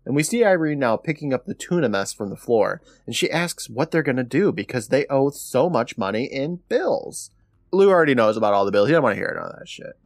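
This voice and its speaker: A man's voice: medium pitch, dry recording. A male podcast co-host walks through an episode scene by scene in an easy, casual tone. His voice swings up and down with animation. The sound is close and dry. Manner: animated retelling, quick laughs.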